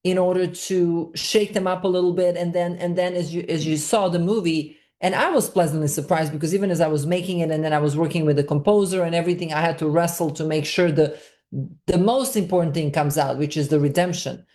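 A woman's voice: fairly low pitch, fairly even intonation, fairly quick, mellow. A woman filmmaker answering interview questions in long, searching explanations, often repeating words as she works toward her point.

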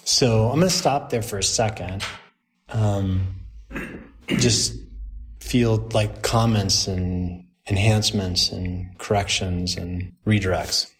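Male priest in his 40s, lively storyteller, laughs at his own tales, faint hiss behind. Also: lowish voice, takes it slowly. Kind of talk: storytelling talk to a group.

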